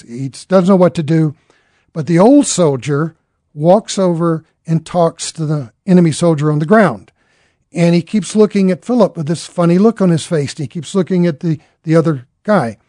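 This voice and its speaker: A man's voice: a little high, dark tone, no echo, studio quality. A man telling a dramatic story in an earnest way, acting out the characters' lines as he goes.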